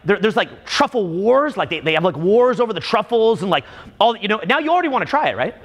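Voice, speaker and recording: A man in his forties holds forth to a live crowd in a lively, high-set voice that swoops up and down. He acts out little scenes and fires questions at the room, and the sound rings with a long hall reverb. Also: quick pace. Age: 40s. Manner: animated, jokey storyteller who acts out bits and quizzes the crowd. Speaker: seminar speaker. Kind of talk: live talk to a room audience.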